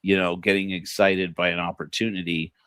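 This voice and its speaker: A low-voiced man talking loosely on a livestream, full of ums, restarts and little laughs. The sound is dry and close, with no room around him. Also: level tone, a little fast, a bit bright, clear, resonant tone, dry recording. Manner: rambling, many fillers and restarts, laughs at own jokes. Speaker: podcast host. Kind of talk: casual livestream commentary.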